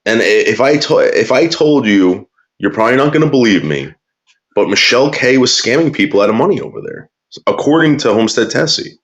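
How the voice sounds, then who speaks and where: A man's voice: medium pitch, very animated, brisk. A man ranting crudely and bitterly in casual talk, drawling some words and muttering others. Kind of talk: profane casual rant.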